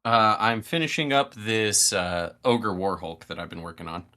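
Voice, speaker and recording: Deep-voiced man explaining painting technique. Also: normal speed, pushed and bright. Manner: explains steps patiently. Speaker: painting stream host. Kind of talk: casual instructional chat.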